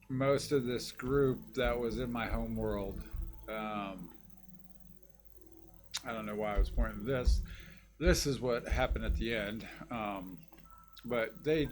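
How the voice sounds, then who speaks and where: A man hosting his own channel, chatting casually and rambling with lots of fillers. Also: on the low side. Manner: rambling, many fillers, laid-back. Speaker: YouTube channel host. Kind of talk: casual vlog chat.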